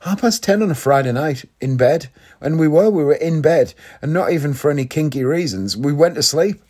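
A vlogger from Northeast England chats casually to camera in a rambling way, often tacking tag questions like "isn't it?" onto his sentences. His voice is a little high, a little mellow and breathy-edged, animated and slightly fast.

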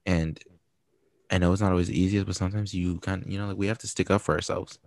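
A man's voice: sits low, flat delivery, fast, vocal fry, a little mellow, no echo. A man co-hosting a podcast, giving frank, supportive advice in casual chat full of fillers. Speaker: podcast co-host.

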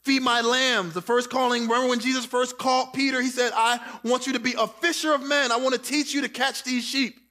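A man preaching a sermon, reading scripture and acting out quoted lines, dropping soft and slow for tender words. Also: very high-pitched, flat delivery. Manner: preaching with dramatic quoted voices, drops soft for Jesus' words. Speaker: pastor.

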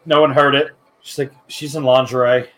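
A man's voice: medium pitch, fairly bright tone. A man co-hosting a podcast, giving a crude, joking running commentary while watching a film. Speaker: podcast co-host. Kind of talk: casual movie watch-along chat.

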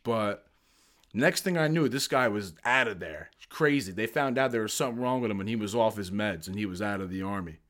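A man's voice: on the low side, a little fast, fairly bright tone. A young man from the United States, a guest on a podcast, telling stories in a brash, boisterous way full of swearing. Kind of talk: casual podcast storytelling.

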